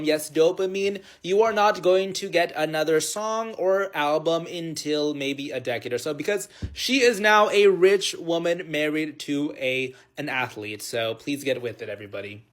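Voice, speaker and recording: A man with a somewhat high voice giving casual commentary. He sounds wry and teasing. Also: normal speed, few pauses.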